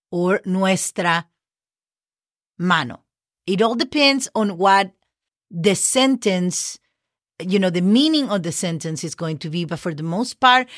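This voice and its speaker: A woman's voice: mid-range voice, fairly bright tone, dry recording, studio quality. A woman hosting a podcast language lesson, patiently spelling words letter by letter and checking in with "okay?". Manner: checks in often with "okay?" and "right?". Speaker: Spanish teacher and podcast host.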